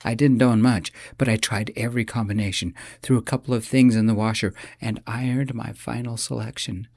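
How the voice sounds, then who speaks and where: A man narrating a first-person romance audiobook in an expressive, dramatic way. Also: mid-range voice, fairly quick, vocal fry, no echo, studio quality.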